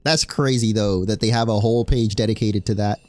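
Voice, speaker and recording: A man's voice: fairly low pitch, fairly even intonation, a little fast, a little mellow. A young man from Spain giving casual, jokey commentary on his video game playthrough and cheering at the screen. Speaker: streamer playing a game. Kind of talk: casual let's play commentary.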